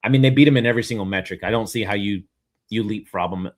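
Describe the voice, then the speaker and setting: A man co-hosting a college baseball show in casual sports chat, working through stats in a measured way, with wry asides. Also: on the low side.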